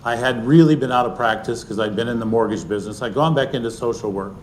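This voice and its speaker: A middle-aged man recounts a personal story before a live audience in an earnest, unhurried way. His voice sits at an ordinary pitch and often drops to a soft, hushed level. A faint low rumble hums behind him. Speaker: speaker sharing a personal story.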